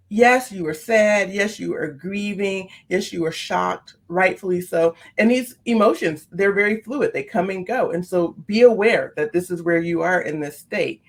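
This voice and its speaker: A woman on a podcast, earnestly telling a personal story, her voice leaping up in pitch when she gets animated. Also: moderate pace. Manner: earnest, repeats phrases for emphasis. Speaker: podcast guest, speaker on seizing the day.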